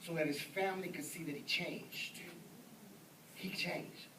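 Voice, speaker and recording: A male evangelist preaching with a story, animated, breaking into shouts and acting out voices. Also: on the high side, unhurried, noisy background. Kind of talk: storytelling sermon. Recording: echoey church sound from a distance.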